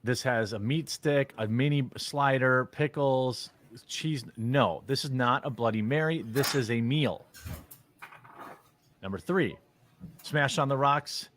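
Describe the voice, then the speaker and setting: A man's voice: medium pitch, slow, a bit bright. A man giving casual commentary as a streamer, blunt and opinionated in a mock-serious way.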